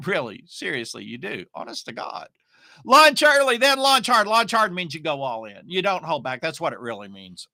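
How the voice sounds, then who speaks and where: A man's voice: fairly high pitch, creaky, sharp tone, dry recording. A man teaching online marketing on a live stream, talking in an emphatic, repetitive, folksy way.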